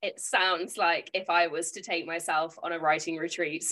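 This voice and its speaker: A woman's voice: on the low side, steady tone, moderate pace, pushed and bright. Jokey woman hosting a chatty podcast. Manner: jokey, laughs often. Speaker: podcast host. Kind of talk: casual chat.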